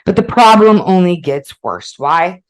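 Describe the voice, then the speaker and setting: A woman's voice: lowish voice, animated, a little slow, low-quality recording. A woman hosting a relationship advice podcast, mixing read passages with blunt, profane asides and frequent "okay?" check-ins. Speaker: podcast host.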